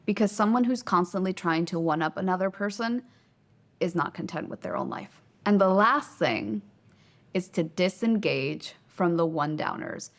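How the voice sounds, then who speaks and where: A woman hosting a self-help video, talking straight to camera in an emphatic way, slowing down to stress key words and acting out little quoted exchanges. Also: fairly low pitch. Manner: acts out quoted speech in little skits. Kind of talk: motivational talk to camera.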